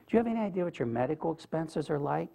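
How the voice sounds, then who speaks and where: A man's voice: on the high side, expressive, rapid-fire, gravelly, warm tone. A man giving a talk, speaking earnestly and plainly as he shares stories with the audience. He keeps it conversational and often turns to the listeners with a direct question. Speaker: guest speaker. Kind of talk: storytelling lecture to an audience. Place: lecture room with a live audience.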